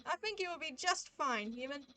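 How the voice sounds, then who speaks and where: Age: adult. Sex: woman voicing a male figure. Figure: Papyrus, a boastful cheerful skeleton. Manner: grand and formal. Pitch: high. Tone: bright. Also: lively intonation, normal speed. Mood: earnest. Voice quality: formal, theatrical phrasing. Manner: proud, eager declarations. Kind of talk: reading a visual novel aloud on a livestream.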